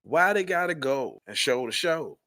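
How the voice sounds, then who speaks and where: A man hosting a podcast, animated and incredulous, reacting with mocking disbelief. His voice sits a touch high, recorded close and dry with no room sound. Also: moderate pace, dry recording. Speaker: podcast host. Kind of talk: casual reaction commentary.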